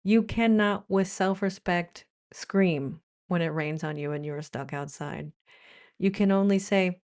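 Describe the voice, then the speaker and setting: Slightly slow and a little mellow, her lowish voice carries wry, playful vlog chatter. The American woman sometimes breaks into quoted phrases with a mock-British accent.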